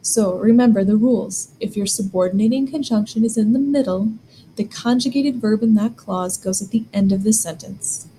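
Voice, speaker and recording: A woman's voice: medium pitch, moderate pace, warm tone, slight background noise, poor audio. A woman teaching a German grammar lesson, explaining step by step and asking the learner questions.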